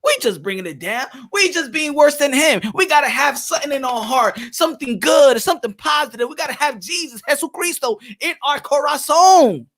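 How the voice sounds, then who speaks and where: A man's voice: extremely high pitch, animated, a little fast, hardly any pauses, fairly bright tone. A man delivering heated, profane vlog commentary on boxing.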